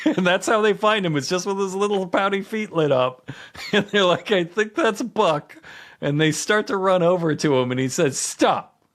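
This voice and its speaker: A man co-hosting a comedy podcast, telling stories with laughter and animated quoted lines. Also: sits high, normal speed. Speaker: podcast co-host. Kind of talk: comedic casual chat.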